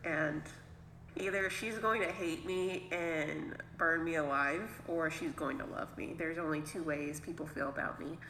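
A woman co-hosting a casual podcast, jokey and rambling as she pokes fun at herself. Her voice is bright and sharp. The room is echoey, and a faint noise hums behind her. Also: sits low, steady tone, measured pace. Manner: jokey, rambling, self-deprecating. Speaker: podcast co-host. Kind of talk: casual chat.

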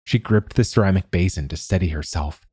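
A male audiobook narrator reads a fantasy story with measured pacing. His voice sits low and husky, with a close, dead, booth-dry sound. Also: a little mellow, dry recording. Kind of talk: scripted narration.

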